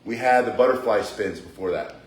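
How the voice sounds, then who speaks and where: A man's voice: fairly low pitch, brisk. A male martial arts instructor giving a live online bo staff lesson indoors, chatty and prone to joking asides. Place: indoor room with a ceiling. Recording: echoey indoor room.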